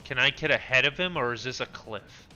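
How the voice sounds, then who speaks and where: A man playing a tabletop game who gets excitable and shouts in bursts, slipping in and out of his character. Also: mid-range voice, a little fast. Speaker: player. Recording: dull lo-fi sound with faint background music.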